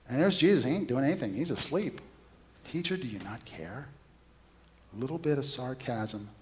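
Conversational man preaching a sermon. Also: medium pitch. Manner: storytelling, asks the listeners questions.

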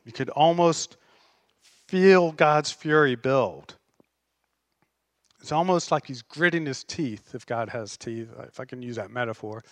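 A man's voice: medium pitch, measured pace, pauses often, fairly bright tone, dry recording. A man preaching a sermon as pastor, passionate and emphatic.

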